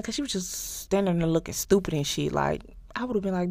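A woman hosting a podcast, telling a TV plot in a casual, animated and profane way, acting out the characters' lines. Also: mid-range voice, normal speed, gravelly, no room sound, studio quality. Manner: animated, profane storytelling with acted-out quotes. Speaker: podcast host. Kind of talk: casual recap of a TV series.

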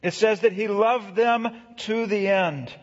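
A middle-aged man preaching a sermon, earnest, slowing down to read scripture and building emphasis. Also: high voice. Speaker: pastor. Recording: echoey hall, dull lo-fi sound.

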